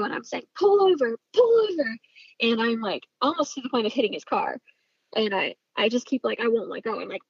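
A woman's voice: on the high side, breathy edge, dry recording, dull audio. A woman telling a personal story in casual speech, intense and swearing freely. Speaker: storyteller recounting a personal family event.

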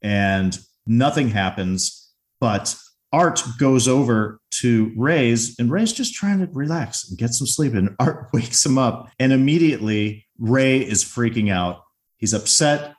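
A man's voice: medium pitch, expressive, measured pace. A man casually recapping a favorite comedy film scene, chatty and full of restarts. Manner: chatty, retells scenes with acted quotes. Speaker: film commentator.

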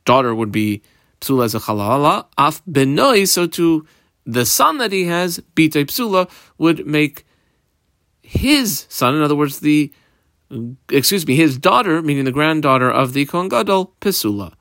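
A man's voice: a little high, sing-song, moderate pace, a bit bright, no echo, studio quality. A man teaching a Talmud lesson, reading Aramaic phrases and explaining them in English, with frequent fillers.

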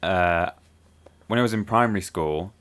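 Man, lowish pitch, podcast co-host, casual storytelling. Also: moderate pace. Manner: animated storyteller acting out quotes.

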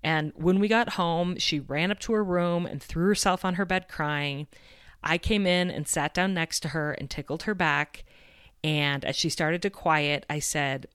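Woman, 30s, podcast host, low voice, dry close sound, candid earnest storytelling. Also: unhurried, a bit bright, clear, resonant tone, no echo. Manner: candid and earnest, openly reflective. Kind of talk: personal storytelling monologue.

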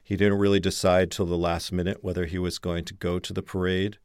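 A man speaking as a biographer in an interview, measured and thoughtful as he explains. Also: sits low, little pitch movement, a little mellow, clean tone, no room sound, studio quality.

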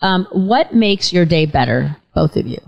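Chatty middle-aged woman host, lowish voice. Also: lively intonation, measured pace, gravelly, highs cut off. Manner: chatty, warm storytelling with occasional stutter. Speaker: talk show host. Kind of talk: casual interview chat.

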